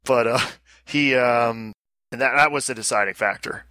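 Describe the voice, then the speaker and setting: A man's voice: medium pitch, moderate pace, sharp tone, no echo. A man co-hosting a podcast, chatting casually and explaining things at length, often repeating words as he goes. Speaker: podcast co-host. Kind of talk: casual chat.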